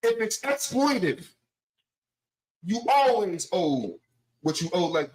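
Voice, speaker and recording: A man's voice: high voice, very animated, takes it slowly, long pauses, darkish tone. A man co-hosting a podcast, making his point earnestly in casual debate, restarting sentences often. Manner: restarts, repeats "here's the thing", earnest. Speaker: podcast co-host. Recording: echoey room.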